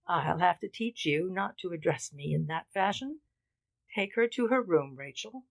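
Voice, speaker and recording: A woman's voice: fairly low pitch, animated, moderate pace, gravelly. A woman reading the part of a coarse, brutal giant of a man who talks truculently. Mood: domineering. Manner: truculent, blustering.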